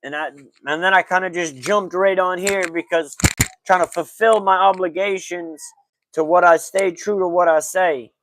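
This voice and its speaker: A man hosts a casual livestreamed sports talk show. His voice sits on the high side. He talks loosely and in slang, greeting his chat by name as he goes. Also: fairly even intonation, normal speed, background noise. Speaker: podcast host.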